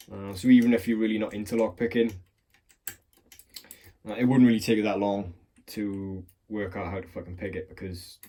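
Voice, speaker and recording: In a fairly low, darkish voice, a hobbyist talks casually about picking locks while showing how it's done. He rambles and swears with a self-deprecating edge, recording on a phone fixed in a clamp.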